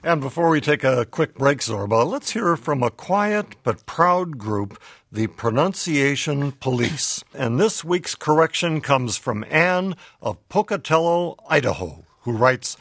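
A man's voice: a little high, expressive, unhurried, vocal fry, a bit bright, no room sound, clean studio sound. A man hosting a public radio health show, upbeat and laughing as he reads listener letters aloud.

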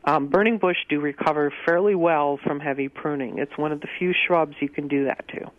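A man's voice: fairly high pitch, brisk, dry recording. A man answering gardening questions on a call-in radio show, hesitant with many ums and dry asides. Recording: muffled radio broadcast audio.

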